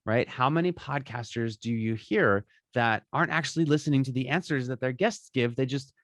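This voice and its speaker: A man's voice: mid-range voice, a little fast, a bit bright, dry recording, studio quality. A man as a podcaster guest, giving upbeat, chatty advice and tagging his points with "right?". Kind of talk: casual interview advice.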